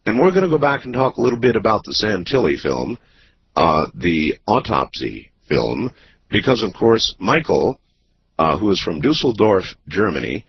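A man hosting a radio talk show, speaking in a measured, drawn-out way with many pauses. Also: on the low side, very animated, slightly rough. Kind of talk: late-night radio talk. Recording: muffled broadcast audio with faint hiss.

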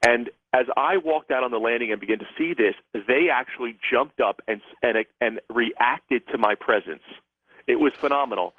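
A man's voice: mid-range voice, moderate pace, no room sound. A man, a guest author and psychic, telling a rambling story with many restarts during a radio interview. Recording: tinny phone line.

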